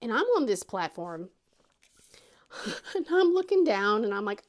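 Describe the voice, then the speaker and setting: A middle-aged woman hosting a craft channel, chatting casually as she tells a story and acts out quotes in a squeaky high voice. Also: sing-song, normal speed, pauses often.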